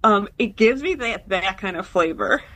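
A woman from Chicago, a public defender chatting in a relaxed way. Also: medium pitch, moderate pace.

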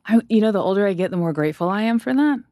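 A musician guest from North Carolina speaks casually and thoughtfully. The talk is halting, with frequent restarts and fillers. The recording is dry and close. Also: medium pitch, animated, a little mellow, no room sound. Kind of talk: casual reflective interview talk.

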